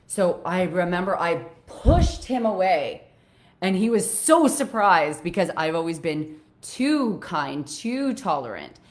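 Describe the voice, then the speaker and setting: A woman life coach talking casually to her viewers in an earnest way, growing animated as she retells a story. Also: fairly low pitch, takes it slowly. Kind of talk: casual live video talk.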